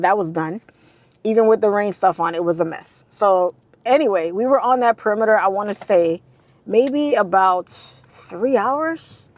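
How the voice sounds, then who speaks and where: Gravelly-voiced woman telling a blunt story. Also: mid-range voice, a little mellow, no echo. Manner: blunt, swears casually, repeats herself for emphasis. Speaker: trader telling her own story. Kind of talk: candid storytelling vlog.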